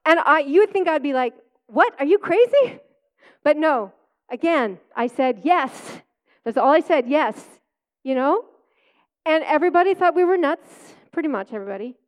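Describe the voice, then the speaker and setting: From the pulpit, a middle-aged-sounding woman preacher with a bright, high-pitched voice gives her personal testimony as a sermon. She speaks briskly with lively intonation, telling it like a chatty story and laughing often.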